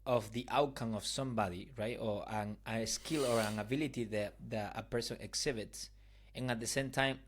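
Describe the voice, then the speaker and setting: A man's voice: lowish voice, steady tone, moderate pace. A man hosting a podcast, reasoning aloud in a conversation and often asking whether he makes sense. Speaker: podcast host. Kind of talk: explanatory conversation.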